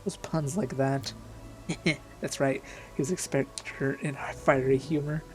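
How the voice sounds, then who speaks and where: A host talking casually over gameplay, chatty and amused, with quick asides. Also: mid-range voice, fairly even intonation, darkish tone, faint music behind. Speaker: let's play host.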